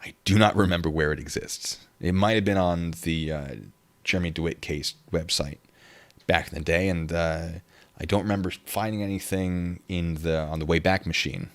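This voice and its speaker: A young man with a deep voice and steady tone hosts a casual livestream at a normal speed. He rambles and reads viewer comments aloud from the chat.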